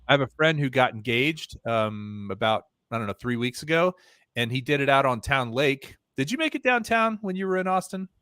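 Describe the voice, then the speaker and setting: A man guesting on a livestream, telling stories in a relaxed, conversational way. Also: medium pitch, moderate pace, no echo, studio quality. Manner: relaxed storyteller, easygoing and conversational. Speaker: guest drone pilot. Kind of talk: casual interview chat.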